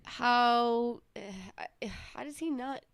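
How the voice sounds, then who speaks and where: A woman's voice: fairly high pitch, extremely slow, smooth, no echo. A woman co-hosting a podcast, chatting bluntly about a reality show, often trailing off and restarting. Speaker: podcast co-host.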